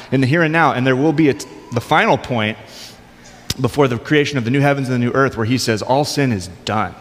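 A male pastor preaching a sermon in a conversational, informal way with light humor. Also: medium pitch. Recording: long hall reverb.

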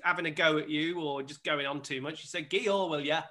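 A man's voice: a little high, fairly even intonation, fast talker, sharp tone. A man in casual chat, playful, chanting rhymes and spelling words out. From Sheffield, England. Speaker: guest.

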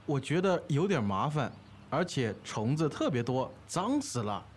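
A woman lowering her voice to read a fussy visitor who finds gardening a bother, in a scripted lesson dialogue. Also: very animated, normal speed, a little mellow, a little hiss or hum. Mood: grumbling.

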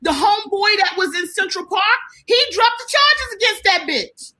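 A woman with a high, bright voice tells a story in loose, casual chat. She swears freely and acts out the people in it, jumping between them. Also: normal speed, poor audio. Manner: profane, animated, acts out the people in her story. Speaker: comedian telling a story.

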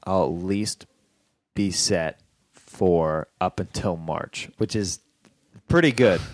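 Comedian guest, young man, low-ish pitch, easygoing slangy chat, dry mic. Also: slow pace, no echo. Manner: easygoing, laid-back, uses slang. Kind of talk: casual chat.

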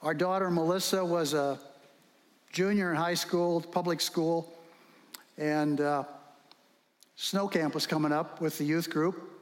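Brief: male pastor, high voice, lively storytelling sermon, long hall reverb. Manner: animated storytelling with rhetorical questions.

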